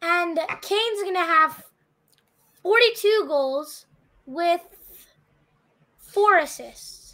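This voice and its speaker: A woman's voice: very high-pitched, lively intonation, extremely slow, sharp tone. A woman co-hosting a podcast, eager and playful with her questions. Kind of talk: casual podcast chat.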